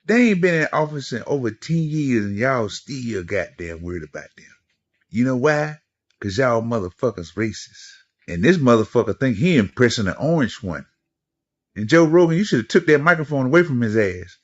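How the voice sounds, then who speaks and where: A man's voice: mid-range voice, normal speed. Furious man ranting, dull lo-fi audio. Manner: furious, profane, lively. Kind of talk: angry rant. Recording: dull lo-fi recording.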